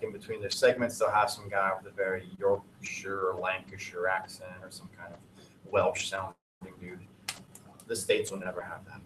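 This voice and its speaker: A man's voice: on the low side, fairly bright tone, roomy sound, a little hiss or hum, poor audio. A man teaching a class in a casual, digressive, joking way. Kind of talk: classroom lesson.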